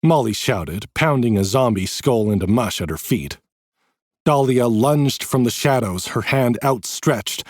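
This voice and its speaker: A man reading a fantasy audiobook in dramatic, expressive narration. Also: mid-range voice, no echo, studio quality.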